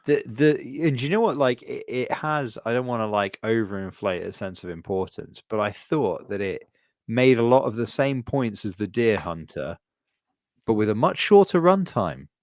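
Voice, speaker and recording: A man's voice: medium pitch, expressive, normal speed, a little mellow, no echo, studio quality. A man co-hosting a podcast in casual chat, rambling with lots of "like" and swearing. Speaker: podcast co-host.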